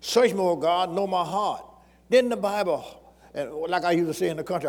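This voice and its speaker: A man's voice: high voice, lively intonation, normal speed, in a large hall. A man preaching a sermon as pastor, repeating phrases and calling out questions to the congregation.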